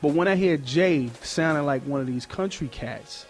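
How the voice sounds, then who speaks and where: Man, slightly high voice, casual radio talk, weighs his words. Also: moderate pace, soft background music.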